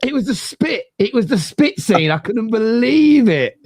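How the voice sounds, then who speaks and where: Dry, lively podcast host, laughing a lot. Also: male voice, measured pace, no room sound. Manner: laughs a lot, tells stories animatedly, jumpy pitch. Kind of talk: casual chat.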